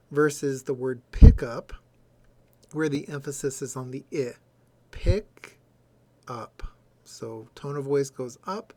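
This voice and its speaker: A man's voice: mid-range voice, warm tone. A man giving a recorded lecture, explaining step by step and sounding out example words.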